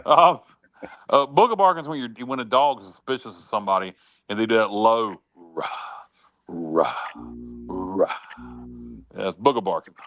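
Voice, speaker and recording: A man's voice: mid-range voice, fairly bright tone, no echo. A man with a mid-range voice recorded close and dry, telling folksy sayings on a sports talk show. He stumbles and restarts as he goes. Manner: folksy, halting storyteller. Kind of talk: casual chat.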